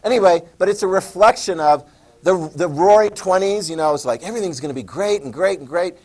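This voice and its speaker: A man's voice: high voice, brisk, a little mellow. Sarcastic man teaching a history class. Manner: sarcastic, joking asides; tells students to write things down. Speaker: high school history teacher. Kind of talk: casual classroom lecture.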